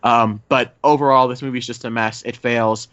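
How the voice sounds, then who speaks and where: A man's voice: medium pitch, fairly even intonation, normal speed, fairly bright tone, clear, resonant tone, no room sound. Male podcast host, rambling chatter, dead-dry muffled sound. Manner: rambling, many fillers and restarts. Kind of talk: casual chat. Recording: dull dry mic sound.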